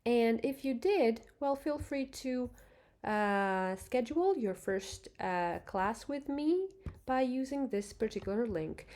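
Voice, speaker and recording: Patient woman language teacher, very slow delivery, demonstrates each sound. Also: fairly high pitch, lively intonation, a little mellow. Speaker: Thai script teacher. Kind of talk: online language lesson.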